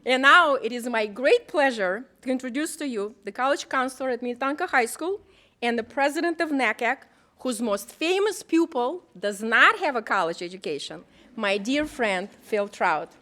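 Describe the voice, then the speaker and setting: Brief: woman host, high bright voice, animated and playful intro. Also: normal speed. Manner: playful, storytelling. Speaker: event host. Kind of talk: speaker introduction.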